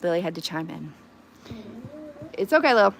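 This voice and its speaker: A woman with a Southern US accent, chatting casually with her livestream viewers from her phone, animated and quick to squeal and laugh. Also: on the low side, vocal fry, slight background noise. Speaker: livestream host.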